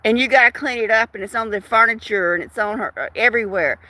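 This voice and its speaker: A woman's voice: on the high side, quick pace, bright, forceful tone, dry recording. A woman host on a livestream, ranting in an indignant, emphatic, casual way. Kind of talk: casual ranting live chat.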